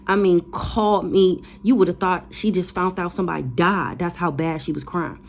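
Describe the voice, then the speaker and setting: Woman tarot reader going off casually, lower voice, blunt and repeats herself a lot. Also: brisk, vocal fry, a little hiss or hum. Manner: blunt, defiant, profane; repeats phrases for emphasis. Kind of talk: casual ranting monologue.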